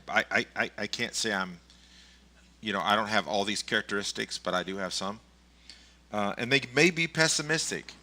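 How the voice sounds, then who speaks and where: A man's voice: on the low side, pushed and bright. A middle-aged male pastor giving a casual, conversational sermon, telling stories with chuckles and frequent restarts. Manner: rambling, chuckling storyteller with many restarts.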